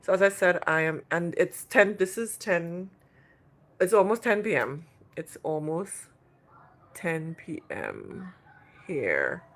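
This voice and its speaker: A woman's voice: lowish voice, big pitch swings, slow pace, a bit bright. A woman from Trinidad and Tobago with a faint Trinidadian accent, hosting a casual livestream from a hotel room and answering viewer questions in a chatty, rambling way. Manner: chatty and rambling, with many restarts. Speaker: livestream host.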